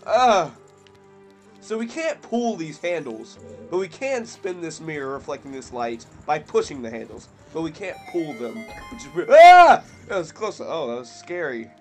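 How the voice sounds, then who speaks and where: A young man giving casual commentary while playing a video game. He jokes, rambles with fillers, and breaks into loud yelps and screams at scares. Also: a little high, big pitch swings, normal speed, faint music behind. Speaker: let's play commentator. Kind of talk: gameplay commentary.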